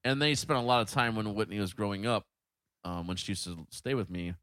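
A man's voice: lowish voice, a little fast, dry recording. A middle-aged man hosting a casual podcast chat, telling a story with lots of swearing and acting out both sides of the conversation. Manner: profane, animated storyteller who acts out both sides of dialogue.

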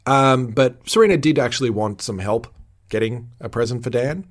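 A man's voice: mid-range voice, normal speed. A man co-hosting a casual podcast, recapping a TV episode with lots of laughter and playful mock indignation. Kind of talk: casual chat.

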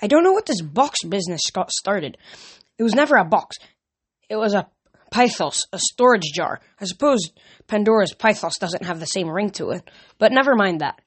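Woman reading a slick old titan guy, calm and coaxing, storybook. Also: medium pitch, normal speed, husky. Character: sly, silken male Titan, persuasive and patient.

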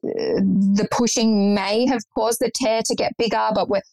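A woman's voice: on the high side, steady tone, moderate pace, creaky, darkish tone, no room sound, poor audio. A young woman guest recounting a personal story in conversation, earnest and matter-of-fact.

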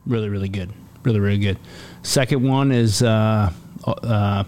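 A man's voice: fairly low pitch, moderate pace, slight background noise. A man in his forties, an army sergeant major, telling a war story in a casual interview, acting out quotes with many fillers. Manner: animated, acts out quotes, many fillers and restarts. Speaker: army command sergeant major, podcast guest.

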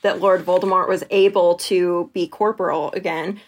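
A woman's voice: lowish voice, fairly even intonation, normal speed. A woman co-hosting a podcast, chatting casually about a book with lots of fillers and acted-out quotes. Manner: chatty, many fillers, acts out quoted lines. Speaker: podcast co-host.

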